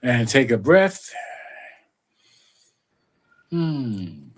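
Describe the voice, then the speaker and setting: Guy giving a slow spiritual talk, easygoing, lots of you knows. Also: medium pitch, expressive. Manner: unhurried, conversational, lots of "you know". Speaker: spiritual teacher.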